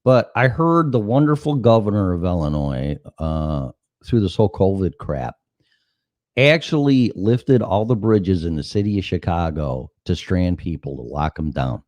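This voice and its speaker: Middle-aged male host, deep voice swinging wide, dry close sound, profane storyteller. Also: normal speed, no room sound. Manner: animated, profane, acts out dialogue. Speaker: talk show host. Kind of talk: casual chat, anecdotal storytelling.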